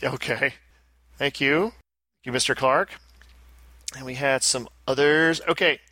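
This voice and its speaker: A man's voice: medium pitch, fairly even intonation, a little slow, bright, forceful tone, dry recording, clean studio sound. A man hosting a casual podcast, reading listener emails aloud with wry asides. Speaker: podcast host.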